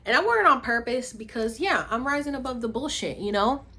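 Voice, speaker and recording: A woman from Puerto Rico talking casually to camera as a vlogger, chatty and animated, dropping to low murmurs and jumping to high excited bursts. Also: brisk. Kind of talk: casual talking-head vlog.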